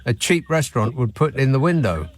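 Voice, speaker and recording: A man's voice: medium pitch, big pitch swings, a little fast, background noise. A man hosting a radio phone-in, talking with callers and making sarcastic, exasperated asides. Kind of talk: late-night talk radio chat. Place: radio studio. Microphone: studio microphone.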